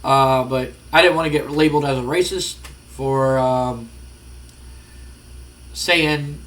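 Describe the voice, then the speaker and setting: A man's voice: mid-range voice, fairly even intonation, takes it slowly, fairly bright tone. A man giving rambling, casual let's-play commentary, full of fillers. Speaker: gaming channel host.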